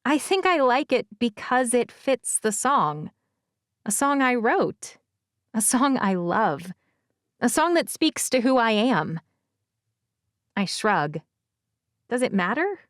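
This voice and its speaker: A woman giving measured, expressive first-person audiobook narration. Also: a little high, dry recording, studio quality. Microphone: close studio mic, dry.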